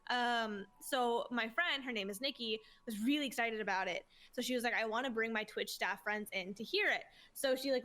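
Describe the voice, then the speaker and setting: A woman's voice: on the high side, bright, forceful tone. A woman in her twenties, a streamer guest, telling stories in a casual interview in a gushing, heartfelt way and swearing casually.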